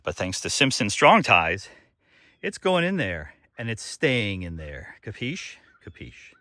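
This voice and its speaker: A man's voice: on the low side, very animated, measured pace, pushed and bright. A man narrating to himself while building outdoors on a slope, wry and joking, a little short of breath. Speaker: DIY builder vlogger. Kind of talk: casual self-narration while working.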